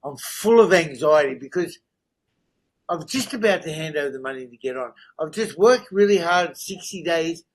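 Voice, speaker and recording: Animated and earnest, a middle-aged podcast guest with a somewhat higher-than-average male voice tells his story candidly. He frequently pauses to check in with "right?" and "you know?", over a rough recording.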